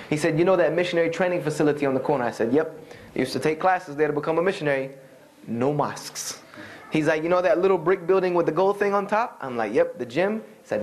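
A man in his thirties tells a humorous personal story to an audience, animated and acting out the people he quotes. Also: fairly high pitch, brisk, a little hiss or hum. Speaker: Islamic speaker telling his conversion story.

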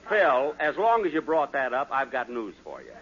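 A man's voice: mid-range voice, wildly swooping pitch, normal speed, fairly bright tone, breathy edge. A man hosting a radio comedy, playing exasperated and defensive in a 1940s radio acting style. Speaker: comedy show host. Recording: hissy lo-fi 1940s radio broadcast.

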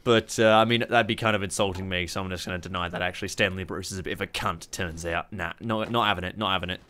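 A man with an Australian accent giving casual, sweary, excitable commentary while playing a strategy game on a close mic. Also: sits low, quick pace. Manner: sweary, excitable, sarcastic asides. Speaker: gaming YouTuber.

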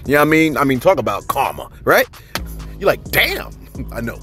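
A man hosting casual celebrity news commentary, chatty and animated, often breaking in to ask "you know what I'm saying.". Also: mid-range voice, a little fast, faint music behind.

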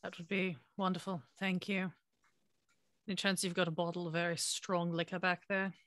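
A woman takes part in a tabletop game, answering in character with a dry, wry touch. Her voice is lowish for a woman and sounds close and dry. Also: little pitch movement, moderate pace, a bit bright, no echo. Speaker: player. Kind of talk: casual tabletop play in character.

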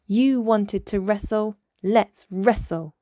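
A woman voicing a small, proud, feisty girl dolphin who talks in a bright, cheeky, excited way. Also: medium pitch, slow pace, no room sound, clean studio sound, close to an everyday voice. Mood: cross.

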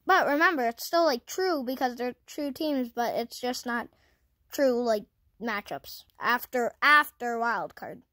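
Girl chatting thru her football game, high bright voice, laughs at herself, yells go go go. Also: a little slow, dry recording. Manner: chatty, self-mocking, excitable bursts of cheering. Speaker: gaming channel host. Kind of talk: casual gameplay commentary.

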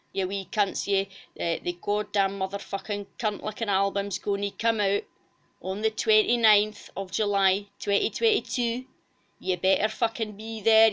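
A woman's voice: mid-range voice, fairly bright tone, close to an everyday voice. A woman voicing a foul-mouthed female cow mascot with a Scottish accent, boisterous and rowdy in a comic puppet interview. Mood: shouty.

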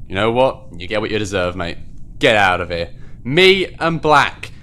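Excitable man, lively bright voice. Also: fairly low pitch, clear, resonant tone. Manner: excitable, quickly worked up, swears at players. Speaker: gaming video host. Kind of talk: live gameplay commentary.

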